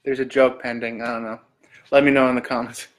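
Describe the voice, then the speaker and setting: A Canadian man with a mid-range voice and flat delivery talks fast while hosting a casual livestream. He reads search questions aloud and then fires back joking answers.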